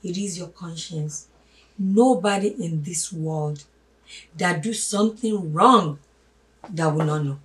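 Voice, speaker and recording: A woman giving a spoken sermon, emphatic, swinging from loud stresses to hushed asides and calling listeners her brothers and sisters. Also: on the low side, takes it slowly. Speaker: religious teacher. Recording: voice a little distant from the mic.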